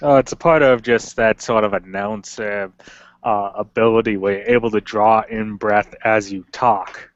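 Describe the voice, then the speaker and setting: Flat-voiced man on a voice chat. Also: lowish voice, moderate pace. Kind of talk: casual voice chat. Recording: dull lo-fi voice chat.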